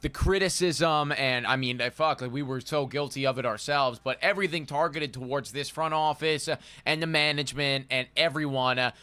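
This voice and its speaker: Male co-host, earnest sports talker full of fillers; smooth, forceful tone. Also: medium pitch, fairly quick, hardly any pauses. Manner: earnest, repeats stock phrases, many fillers. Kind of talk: casual sports chat.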